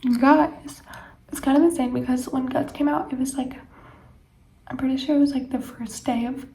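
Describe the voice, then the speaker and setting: A woman's voice: sits high, steady tone, moderate pace, darkish tone, a little hiss or hum. A teenage girl vlogging late at night, tired, rambling with lots of fillers and often dropping to a whisper. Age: teens. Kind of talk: late-night casual chat to camera.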